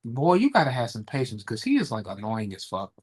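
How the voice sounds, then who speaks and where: A man's voice: mid-range voice, huge pitch swings, a little fast, a little mellow, slightly rough. A man with a Washington DC area accent chatting on a podcast, blunt and profane, often mimicking people in his stories. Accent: DMV (Washington DC area). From DC metro area. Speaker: podcast co-host. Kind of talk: casual chat.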